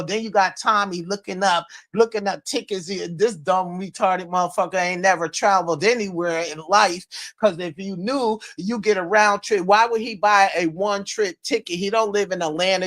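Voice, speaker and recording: A streamer delivers an unscripted rant into a streaming mic, with a voice of middling pitch. The talk is heated and profane, circling back to the same insults again and again. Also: fairly bright tone. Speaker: live-stream commentator. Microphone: streaming microphone.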